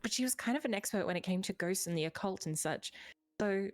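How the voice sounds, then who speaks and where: A woman reading the first-person narration of a defeated teenage schoolboy from a game in her own plain, unhurried voice. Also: mid-range voice, lively intonation, no echo, faint music behind, natural voice. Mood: dejected.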